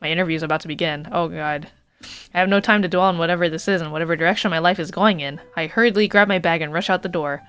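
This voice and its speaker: A woman streamer reading a dating game aloud, playful and quick to laugh between lines. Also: fairly low pitch, a bit bright, clean tone.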